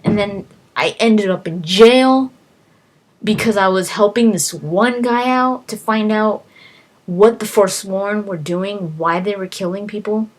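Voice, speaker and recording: A woman's voice: medium pitch, a little slow. A woman casually recounting a video game adventure, rambling with lots of fillers and restarts. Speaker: gaming vlogger.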